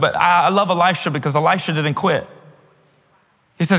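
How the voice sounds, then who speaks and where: High, bright-voiced youth pastor preaching. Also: male voice, steady tone, a little fast, pauses often, long reverb tail. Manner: casual, playful preaching with slang asides. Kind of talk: sermon.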